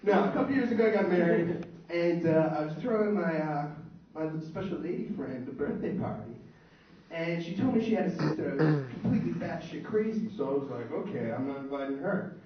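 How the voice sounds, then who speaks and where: A man's voice: a little high, lively intonation, brisk. A young man performing a stand-up comedy set, telling crude, boastful stories and putting on voices for the people in them. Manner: crude, boastful storytelling with put-on voices for others. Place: small club stage. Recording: echoey, distant, dull lo-fi room recording.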